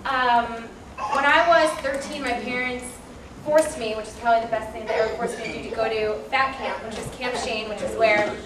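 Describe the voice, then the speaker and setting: Young woman, fairly high voice, candid and halting, heard from afar in a noisy hall. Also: fairly even intonation. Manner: candid, hesitant with many ums. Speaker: motivational speaker. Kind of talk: personal story told to an audience. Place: large hall with audience. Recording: echoey hall from far off with noise.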